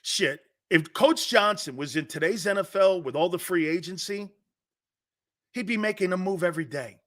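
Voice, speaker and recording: A middle-aged man hosting a sports talk show, telling stories bluntly and with a lot of energy. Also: moderate pace. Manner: animated, blunt storytelling with swings in pitch and loudness.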